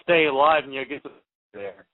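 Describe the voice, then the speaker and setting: A man's voice: medium pitch, expressive, moderate pace, no echo. A man calling into a talk radio show, speaking casually and loosely, with lots of filler words. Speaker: caller. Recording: dry phone line.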